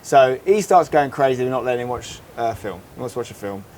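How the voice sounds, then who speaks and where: Fast-talking man telling a story. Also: mid-range voice, a little hiss or hum. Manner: animated storytelling, fast and rambling. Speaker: podcast co-host. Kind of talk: casual podcast chat. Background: faint outdoor holiday ambience.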